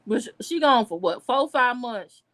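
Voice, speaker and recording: A woman vlogger giving casual livestream commentary, blunt, outraged and profane, with sudden high outbursts. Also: expressive, moderate pace, fairly bright tone.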